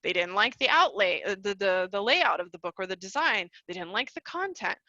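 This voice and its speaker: A woman's voice: medium pitch, expressive, a little fast, bright, forceful tone, no echo, muffled recording. A woman hosting a live online class, chatty and casual, laughing often and calling her listeners y'all. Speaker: online course host. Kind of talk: live webinar teaching.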